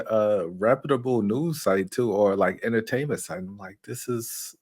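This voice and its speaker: Rambling lower-voiced male guest. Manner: rambling, many fillers and restarts. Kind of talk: casual live show chat.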